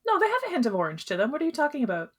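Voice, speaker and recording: A woman's voice: high-pitched, very fast, husky. A woman, chatting casually and animatedly as podcast co-host. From Canada. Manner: chatty, animated, many fillers. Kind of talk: casual chat.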